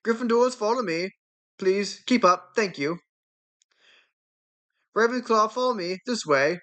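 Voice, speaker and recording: A woman voicing a strict older female teacher giving brisk instructions in a fan reading of a film script. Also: mid-range voice, a bit bright, voice pushed up, close to an everyday voice.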